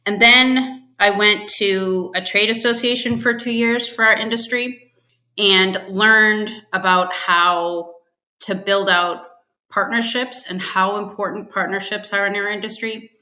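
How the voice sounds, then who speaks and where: A woman's voice: mid-range voice, fairly even intonation, unhurried, sharp tone, echoey room. A woman guest on a podcast, telling her career story in casual chat and acting out the quotes. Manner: chatty storyteller, acts out quotes with laughs. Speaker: podcast guest, finance executive.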